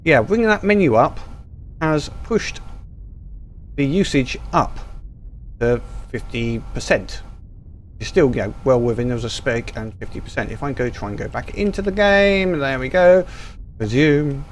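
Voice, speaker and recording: A man's voice: mid-range voice, moderate pace, slight background noise. A man giving casual, rambling gameplay commentary full of ums and restarts, recorded over a screen capture. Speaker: gaming YouTuber.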